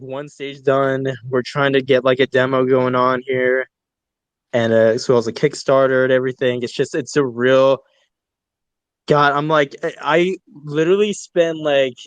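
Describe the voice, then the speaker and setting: A man with a fairly high voice rambles through a casual story and swears freely as he goes. His sound is close and dry, with no room around it. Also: dry recording. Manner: rambling, heavy swearing, animated retelling. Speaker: audio chat participant.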